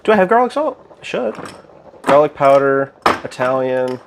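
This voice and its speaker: A young man casually chatting with his stream chat while cooking, excitable, goofy and loud. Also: medium pitch, moderate pace, vocal fry, background noise.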